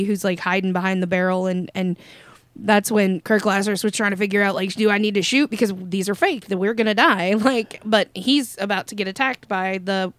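A woman's voice: medium pitch, clean tone, dry recording. A woman co-hosting a podcast, casually recapping a film with cursing and laughter. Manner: casual and profane, laughs, acts out quotes. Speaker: podcast co-host. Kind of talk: casual movie recap chat.

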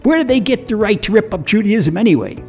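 A man's voice: sits high, animated, vocal fry, a little mellow, husky, faint music behind, voice pushed up, full character voice. A man voicing a flashy, gossiping congregant who rattles off dismissive remarks. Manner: rapid, dismissive. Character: quick-tongued gossiping man in a flashy suit.

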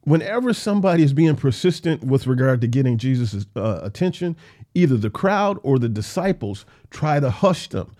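A man's voice: mid-range voice, animated, moderate pace, warm tone. A man teaching the Bible verse by verse in a conversational way, repeating phrases for emphasis.

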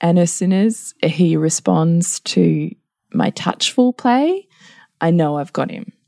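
A woman's voice: fairly low pitch, expressive, slow, vocal fry, mellow, no echo, studio quality. A middle-aged woman co-hosting a parenting podcast in casual chat, laughing often as she tells family stories. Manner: laughs often while telling anecdotes.

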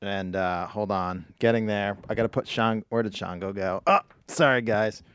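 A man's voice: fairly low pitch, normal speed, fairly bright tone, clean tone. A man co-hosting a podcast, chatting in an upbeat way, joking and swearing casually. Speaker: podcast co-host. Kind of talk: casual chat.

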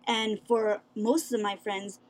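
A woman from Hawaii chatting casually on a podcast, telling personal stories in a lively way and acting out other people's voices. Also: medium pitch, takes it slowly. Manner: animated storyteller, acts out voices of others. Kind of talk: casual chat.

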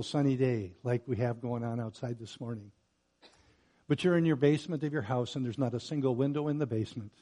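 A middle-aged man preaching a sermon as pastor, growing loud and emphatic when reading scripture and turning quiet and personal in asides. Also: medium pitch.

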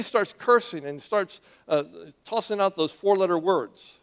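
In a church, a man preaches a sermon with a conversational, animated delivery, putting questions straight to his listeners as he tells the story. His voice is somewhat high, and he speaks unhurriedly.

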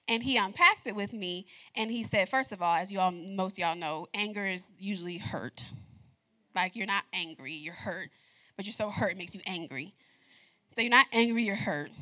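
A woman's voice: mid-range voice, normal speed, bright, forceful tone. A woman preaching a sermon, talking straight to the congregation and laughing often as she tells a personal story.

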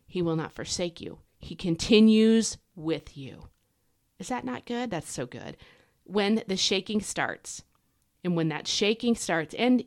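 A woman hosting a devotional podcast, teaching casually and emphatically, a fast talker with fillers and self-corrections. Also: a little high. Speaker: podcast host. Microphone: podcast microphone.

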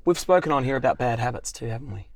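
A man's voice: mid-range voice, very fast, no echo. A man, co-hosting a casual chat show and telling playful stories. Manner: lively, playful storyteller. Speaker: co-host.

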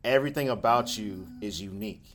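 A man with a fairly low voice speaks with earnest, emphatic feeling. His talk is a heartfelt casual reflection, shared with a group gathered in a room. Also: a little fast, fairly bright tone. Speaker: support group co-founder.

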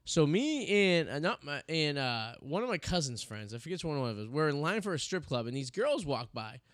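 A man's voice: a little high, big pitch swings, fairly quick, dry recording, clean studio sound. A man in his thirties hosting a casual podcast, telling long rambling stories full of restarts and fillers. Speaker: podcast host. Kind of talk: casual chat. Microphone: studio mic.

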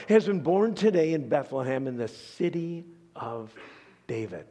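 A man's voice: fairly high pitch, big pitch swings, measured pace, dark tone, in a large hall. A male pastor preaching a sermon dramatically, asking questions and dropping to near-whispers before building up again.

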